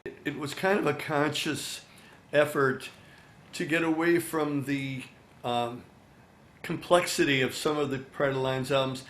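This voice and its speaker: An older man, a songwriter and musician, chatting in an interview from his recording studio, animated and full of "you know" fillers, acting out bits of dialogue as he tells stories. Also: on the high side, measured pace, reverberant, a little hiss or hum. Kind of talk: casual interview storytelling.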